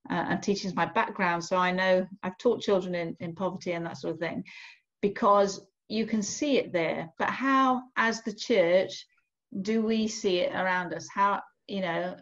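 A woman church children's worker asking a question over a video call, rephrasing as she goes. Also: lowish voice. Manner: searching, rephrases as she asks. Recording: dull lo-fi call audio.

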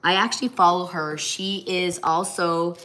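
A woman's voice: lowish voice, fairly even intonation, a little slow, fairly bright tone. A middle-aged woman from the American Midwest chatting casually on a livestream while she crafts, rambling and breaking off to talk to her pets. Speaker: livestream host. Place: home kitchen or craft table.

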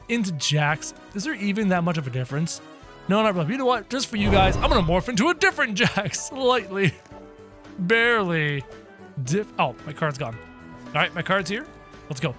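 Excitable young man narrating gameplay. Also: sits high. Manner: excitable, narrating every move to viewers. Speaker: gaming channel host. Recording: faint game music behind.

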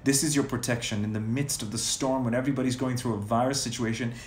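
A man's voice: medium pitch, steady tone, quick pace. Emphatic male preacher in a roomy space. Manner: emphatic, repetitive phrasing. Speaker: prayer leader. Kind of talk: sermon and guided prayer. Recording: roomy echo, faint noise.

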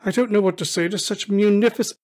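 Guy putting on a portly old gent, flustered, slow and drawn out, pitched way up. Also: a little mellow, close to an everyday voice. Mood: astonished.

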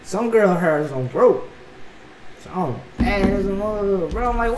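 Animated slangy man in an echoey room. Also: high voice, measured pace. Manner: animated, slangy, says bro a lot. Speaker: reaction video host. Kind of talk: casual storytelling. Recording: echoey room, mic at a distance, faint noise.

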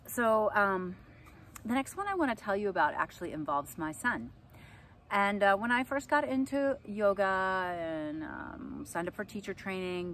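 A middle-aged woman, an astrology and yoga teacher, telling personal stories in a casual, animated way and acting out what people said. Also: mid-range voice, slight background noise. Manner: animated, acts out quotes with laughs. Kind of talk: casual storytelling to camera.

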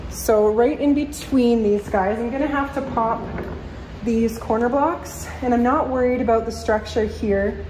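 A woman's voice: medium pitch, darkish tone. Woman in her woodshop talking thru a bookcase fix, kinda breathless, echoey room, lots of shop noise. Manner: thinking aloud while working, practical. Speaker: furniture repair woodworker. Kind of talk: casual workshop commentary. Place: woodworking shop.

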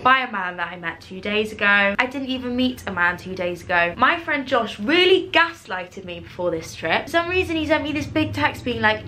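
A woman's voice: mid-range voice, animated, fairly quick, few pauses, pushed and bright. A woman, chatting casually to her phone camera in a self-mocking way. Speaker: vlogger. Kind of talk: casual vlog chat. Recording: phone clips with crowd and noise behind.

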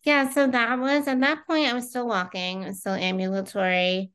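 A woman's voice: on the high side, level tone, moderate pace, fairly bright tone, clear, resonant tone. A woman in her thirties, a guest in a casual interview, telling her own story in a chatty way with frequent fillers.

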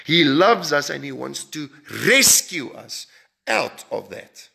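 A man preaching a sermon in an emphatic way, with sudden rises and drops in pitch and loudness and frequent repeated words. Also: sing-song, slow, gravelly.

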